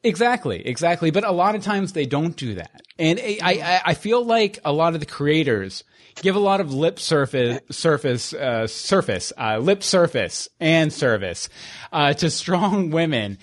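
A man's voice: fairly high pitch, very animated, moderate pace. A man co-hosting a podcast in casual chat, opinionated, with many restarts. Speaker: podcast co-host.

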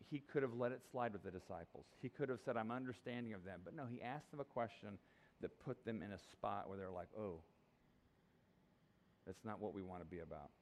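A male pastor preaching a sermon in a conversational, jokey, emphatic way. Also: medium pitch.

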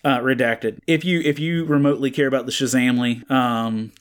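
Raspy-voiced man rambling about comics. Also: medium pitch, fairly even intonation, normal speed. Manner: rambling, many fillers and restarts. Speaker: podcast co-host. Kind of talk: casual comic book chat. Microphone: studio microphone.

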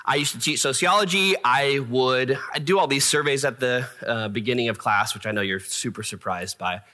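A man's voice: medium pitch, moderate pace, sharp tone. A man preaching a casual, self-deprecating sermon to his church, with fillers and asides. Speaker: pastor.

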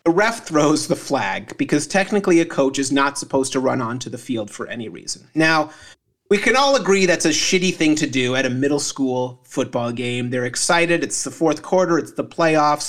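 A man's voice: fairly high pitch, lively intonation, moderate pace, a bit bright. Rambling comedic male storyteller. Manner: rambling with fillers, laughs at own story. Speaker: podcast co-host, parent.

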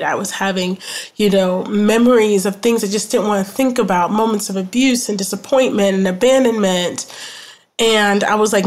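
A woman in her thirties, a trauma counselor, telling her personal story as a podcast guest in a reflective, earnest way, often saying "you know" and "like". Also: medium pitch.

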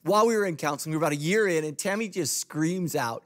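Speaking fast, a man delivers a sermon as pastor before a church congregation. He is emphatic throughout, moving from loud, forceful statements to quiet, low-voiced asides.

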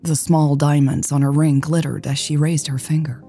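Woman narrator, calm, measured, dark tone, creaky. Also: sits low, faint music behind. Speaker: podcast host and narrator. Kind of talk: audiobook story narration.

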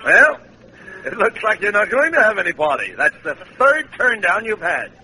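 A man as an exasperated straight man in an old radio comedy, scolding in a gravelly voice that swings up and down. Hiss hangs over the old broadcast transcription. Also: high voice, very animated, moderate pace, sharp tone, full character voice, rough recording. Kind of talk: 1940s radio comedy acting.

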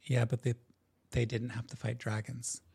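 A man narrating as game master of a tabletop role-playing game, describing scenes in a relaxed way. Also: medium pitch, normal speed, vocal fry, slightly rough. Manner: relaxed, descriptive, with frequent restarts.

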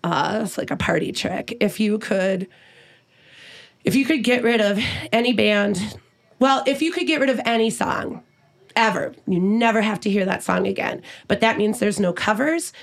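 A middle-aged woman talking casually in an interview, with a gravelly edge of vocal fry at the bottom of her voice. She is blunt and swears freely, laughing a lot as she talks. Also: mid-range voice, moderate pace. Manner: blunt, profane and laughing often. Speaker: musician guest.

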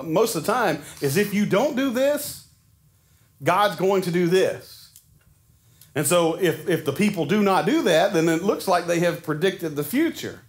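A man preaching a sermon in a conversational way, often putting rhetorical questions to his congregation. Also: fairly high pitch. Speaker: pastor.

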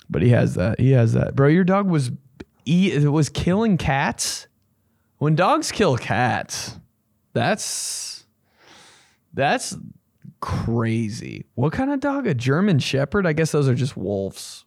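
A comedian host riffing in a loose, profane, rambling way, with sudden loud bursts. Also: male voice, medium pitch, very animated, slow, vocal fry, long pauses, no room sound, clean studio sound. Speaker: comedian host reacting to listener stories.

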